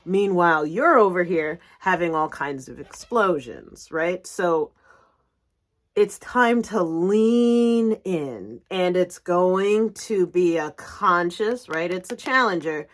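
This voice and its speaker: A middle-aged woman giving a spiritual business coaching talk, emphatic and animated, often asking "right?". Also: on the low side, measured pace, few pauses. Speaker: executive coach and reiki teacher.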